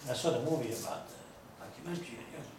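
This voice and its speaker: A man's voice: medium pitch, rapid-fire. A man who is a rabbi, giving a chatty, digressive lecture full of stories and joking asides to a small audience. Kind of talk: informal lecture with storytelling. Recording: echoey room from far off, faint noise.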